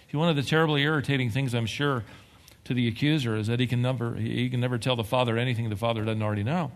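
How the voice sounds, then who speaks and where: A man preaching a sermon as pastor, telling stories with emphatic, animated delivery. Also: medium pitch, long reverb tail. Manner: animated storytelling, emphatic swings.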